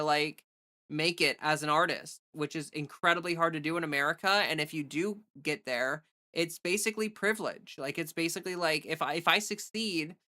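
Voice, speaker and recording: A woman's voice: low voice, bright, forceful tone. A woman livestreamer in casual, rambling chat who thinks aloud and thanks viewers for donations.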